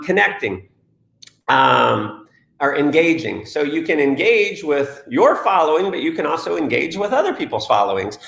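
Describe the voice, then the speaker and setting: A man coaching network marketers in a live question-and-answer session. He talks in an energetic, motivational way and reads out viewer questions. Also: high-pitched, creaky, reverberant.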